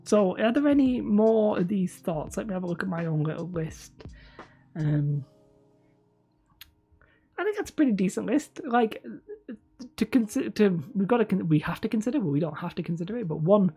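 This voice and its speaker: A woman's voice: mid-range voice, animated, normal speed, long pauses, mellow, breathy edge, faint music behind. A woman with a slight lisp, hosting a rambling live stream and chatting to viewers. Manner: rambling, self-correcting, laughs often. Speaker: host streaming live and reading chat. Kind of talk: casual livestream chat.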